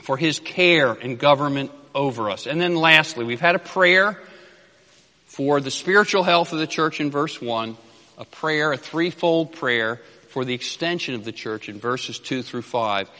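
A man preaching an expository sermon, emphatic and repeating key phrases, dropping low at the ends of phrases and reading scripture slowly. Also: bright, forceful tone. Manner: reads scripture slowly and deliberately. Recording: long hall reverb.

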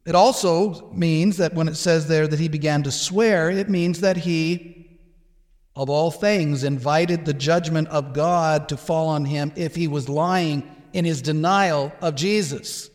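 A man with a slightly raised pitch delivers an expository sermon, explaining verse by verse with restarts and small asides. His voice rings out in a church sanctuary, trailing a long hall reverb. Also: a little slow, darkish tone. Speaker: pastor.

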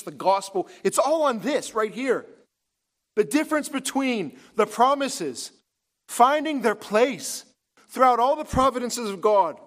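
A male pastor preaches in a notably high voice, building to loud, emphatic points. Then he drops to a hush for effect. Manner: emphatic, rising and dropping for effect. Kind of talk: sermon.

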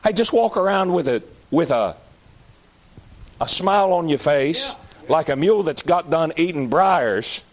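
Lively, folksy Southern preacher. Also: male voice, a little high, measured pace. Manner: animated, folksy, emphatic, sometimes shouting. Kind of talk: sermon.

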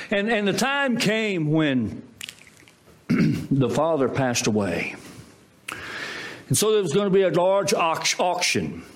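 A man preaching a sermon, telling a story in an animated way with quoted voices. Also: on the high side. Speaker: pastor.

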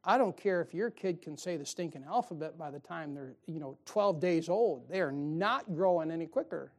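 A man's voice: on the high side, lively intonation, moderate pace. Folksy joking preacher man. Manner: folksy and joking, with frequent chuckles and rhetorical questions. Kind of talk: evening sermon.

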